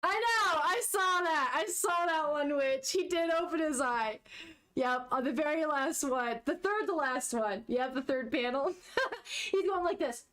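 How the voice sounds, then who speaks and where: A woman's voice: high-pitched, a little slow. A young woman vlogger chatting casually and laughing often as she reads a manga aloud. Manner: chatty, giggly, animated reactions. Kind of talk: casual chat.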